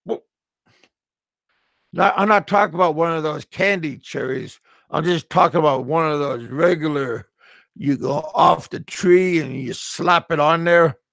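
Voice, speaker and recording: A man's voice: fairly high pitch, a little slow, creaky, a bit bright, no echo. A middle-aged American man vlogging, rambling through a humorous monologue, stammering and repeating his words with frequent chuckles. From United States. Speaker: expat vlogger.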